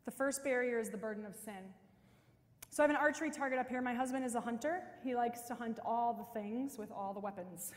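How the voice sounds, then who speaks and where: A woman's voice: a little high, fairly quick. A middle-aged woman giving a parish mission talk in a chatty, storytelling way with frequent casual fillers. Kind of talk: conversational church talk. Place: church. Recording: long reverb of a large church.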